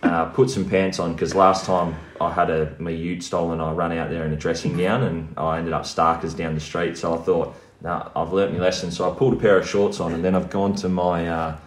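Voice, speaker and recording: A man's voice: low voice, flat delivery, fairly quick, hardly any pauses, roomy sound. An Australian man casually telling a story as a podcast guest, swearing freely and laughing as he goes.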